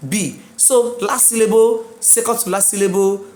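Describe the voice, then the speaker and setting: A woman teaching an exam prep lesson, drilling words slowly, spelling them out letter by letter and checking in with her students. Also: mid-range voice, steady tone, dark tone. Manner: checks in with listeners often. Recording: echoey room.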